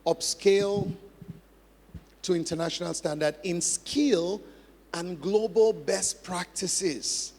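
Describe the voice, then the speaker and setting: High-pitched man preaching in a hall. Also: slow, a little mellow. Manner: emphatic, repeats key phrases, mimics practice drills. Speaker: pastor. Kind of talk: sermon. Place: large church hall. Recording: long hall reverb.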